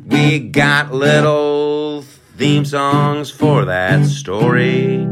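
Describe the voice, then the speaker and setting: A man's voice: fairly high pitch, steady tone, extremely slow, loud music behind the voice. A man hosting a comedy podcast, talking in a rambling, profane, sarcastic monologue with lots of fillers. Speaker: podcast host.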